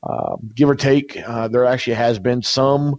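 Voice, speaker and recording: A man's voice: mid-range voice, steady tone, moderate pace, darkish tone, dry recording. Rambling man guest on a dull line. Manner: rambling, many fillers and restarts. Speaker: guest, researcher. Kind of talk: casual interview answers.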